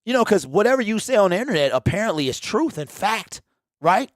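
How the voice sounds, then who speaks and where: A man's voice: high-pitched, big pitch swings, a little fast, no room sound, clean studio sound. A man in his forties hosting a fan livestream, rambling and teasing his chat in a casual rant. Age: 40s.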